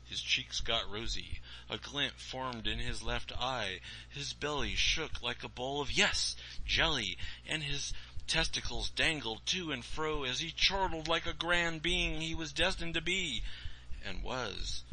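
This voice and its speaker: A man in the host's chair reads his own novella aloud. His voice is mid-pitched and strikingly bright. A faint noise sits underneath, and the asides between passages come out relaxed and offhand. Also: measured pace, low-quality recording. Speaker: author reading his own novella as radio host. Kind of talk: storybook reading on internet radio.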